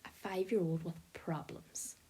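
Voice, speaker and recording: A woman reads an audiobook aloud in first person. Her telling is lively and expressive. The voice is mellow and slightly husky. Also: on the low side, a little slow. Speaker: audiobook narrator.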